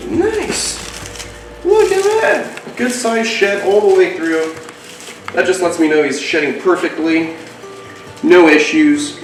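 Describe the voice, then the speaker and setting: A man hosting a casual vlog as a reptile keeper, often cooing at his snakes in a high, excited voice. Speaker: reptile keeper and channel host. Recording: roomy, distant, music behind.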